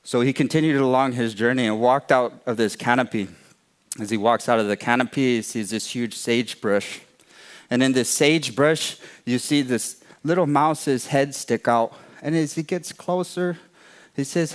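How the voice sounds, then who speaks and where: Man telling a traditional tale. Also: medium pitch. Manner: slow, repetitive phrasing. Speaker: storyteller. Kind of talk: oral storytelling.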